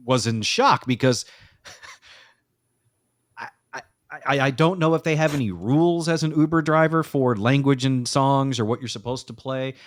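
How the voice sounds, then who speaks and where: A man co-hosting a podcast in casual chat, reading lurid lyrics in a flat, deadpan way. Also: medium pitch, no room sound, clean studio sound. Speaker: podcast co-host.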